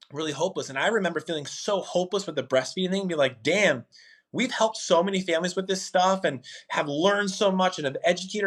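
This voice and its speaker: A man in his thirties co-hosting a podcast in casual chat, earnest and animated, often acting out quoted lines. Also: a little high. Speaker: podcast co-host.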